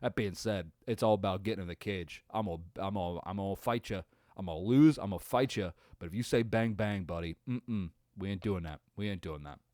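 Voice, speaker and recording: A man's voice: sits low, brisk, darkish tone, no room sound, clean studio sound. Profane rambling man ranting about sports. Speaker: podcast host. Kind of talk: casual sports reaction rant.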